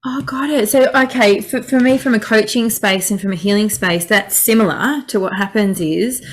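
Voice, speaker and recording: A woman hosting a casual conversation, a coach who speaks with enthusiasm and soft trailing phrases. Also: mid-range voice, moderate pace. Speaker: host, coach and healer.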